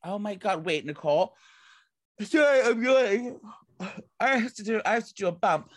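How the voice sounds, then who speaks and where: A man co-hosting a casual gossip podcast, rambling and excitable, swearing casually. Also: sits high, quick pace, no room sound. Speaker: podcast co-host.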